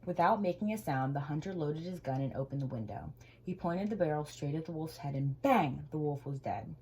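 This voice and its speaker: A woman reading a children's storybook aloud with gentle, expressive storytelling. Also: sits low, a little fast, a little hiss or hum, low-quality recording.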